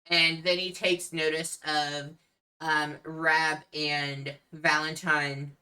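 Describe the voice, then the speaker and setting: A woman's voice: sits low, little pitch movement, extremely slow, bright, forceful tone. A woman running a tabletop game as game master, narrating with many hesitant ums.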